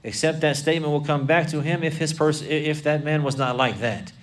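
A man's voice: fairly high pitch, fairly even intonation, brisk. Repetitive male religious lecturer, distant mic. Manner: repetitive, restating phrases, quoting Arabic texts. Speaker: Islamic teacher. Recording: voice from away from the mic.

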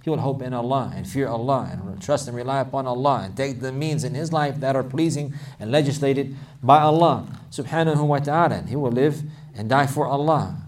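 A man's voice: mid-range voice, fairly quick, distant mic. A man teaching a religious lesson who repeats phrases for emphasis and rises to intense, emphatic passages. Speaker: Islamic teacher. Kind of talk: religious lesson with Arabic quotes.

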